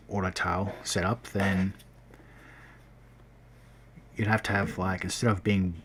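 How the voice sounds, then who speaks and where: A man's voice: low voice, flat delivery, a little slow, long pauses, fairly bright tone, a little hiss or hum. A man streaming game development, chatting casually as he works and often correcting himself mid-sentence. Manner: rambling, self-correcting, talking while working. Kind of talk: casual tutorial livestream.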